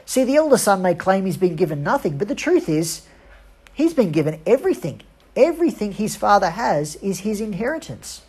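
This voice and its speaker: A woman preacher giving an earnest, emphatic sermon with dramatic pauses. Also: mid-range voice, sing-song, darkish tone, slightly rough.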